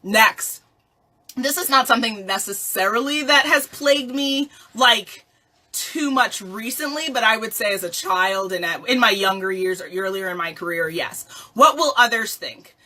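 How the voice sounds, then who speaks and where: Woman life coach, bright tone, playful motivational delivery, rhetorical questions. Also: a little high, normal speed. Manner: animated, playful, laughs often, asks rhetorical questions. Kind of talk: motivational talk.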